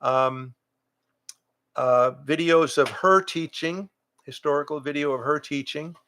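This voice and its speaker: An older man, a voice actor and improv teacher, chatting casually with fans on a livestream from home, reading out their questions and answering in a relaxed, rambling way. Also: a little high, a little slow. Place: home, in front of pictures on the wall. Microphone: livestream webcam setup.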